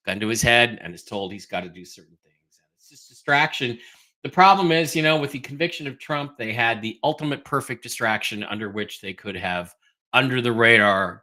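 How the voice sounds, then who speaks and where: A man hosts a casual livestream, his voice bright and forceful. He answers viewer questions flatly and dismissively. His level dips whenever he pulls back from the desk microphone. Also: on the low side. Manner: blunt, dismissive, thinks aloud while fiddling with mic settings. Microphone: desk microphone whose level drops as he moves away.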